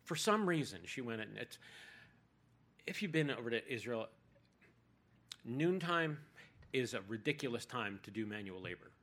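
A man's voice: medium pitch, very animated, moderate pace, pauses often, fairly bright tone. A man preaching a sermon in a conversational way, with jokey asides.

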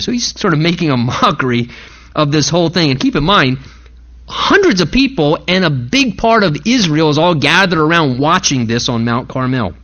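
A man's voice: moderate pace, dull audio. A male pastor preaching a sermon, retelling a story and acting out the speakers with big swings of voice. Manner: animated storytelling, acting out quoted speakers with big pitch jumps.

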